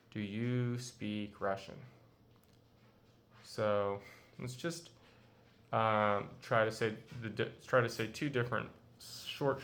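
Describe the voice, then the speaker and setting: Slow, patient male language teacher. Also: medium pitch. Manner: slow, patient, repeats phrases for practice. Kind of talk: audio language lesson.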